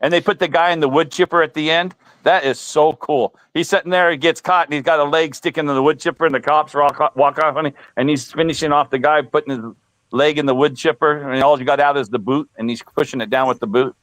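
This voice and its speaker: Middle-aged male host, a bit high-pitched, anecdotal chat style, dry close mic. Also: steady tone, fast, a bit bright, no room sound. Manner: storytelling, chuckles at own jokes. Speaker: stream host. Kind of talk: casual chat.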